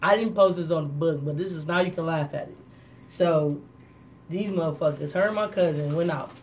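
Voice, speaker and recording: Profane animated woman storyteller, off-mic. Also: low-pitched, a little fast. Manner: animated, profane, acts out voices in quotes. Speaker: co-host telling a story. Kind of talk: casual storytelling chat. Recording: distant mic with faint noise.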